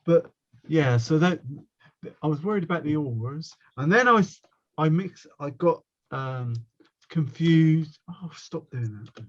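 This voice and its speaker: A man's voice: fairly high pitch, animated, a little slow, dull audio. A man with a West Country accent teaching a watercolour workshop over a video call, chatty and rambling, often breaking off to mock himself. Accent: West Country English. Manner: rambling, chatty, self-mocking. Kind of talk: casual online workshop teaching.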